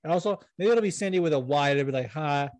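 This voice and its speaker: A man's voice: on the high side, expressive, rapid-fire, a little mellow, dry recording. Rambling young man hosting a podcast. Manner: rambling, self-deprecating, swears and laughs. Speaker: podcast host. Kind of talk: casual chat.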